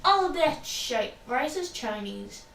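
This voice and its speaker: A woman's voice: high voice, big pitch swings, slow pace, vocal fry, a bit bright. A woman casually narrating a fan story role-play, chatty and rambling. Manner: rambling, chatty, laughs often. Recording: echoey room, distant mic, faint noise.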